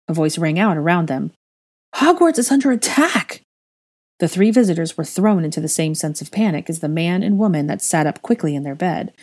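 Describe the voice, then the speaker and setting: A woman narrating a fan fiction audiobook in a steady, even storytelling manner. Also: sits low.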